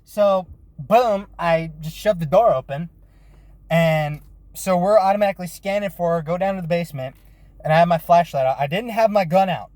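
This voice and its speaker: A man telling a lively, profane story about his work as a bounty hunter, with frequent restarts. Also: sits high, moderate pace, no room sound. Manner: lively retelling with swearing and restarts. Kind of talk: casual storytelling vlog.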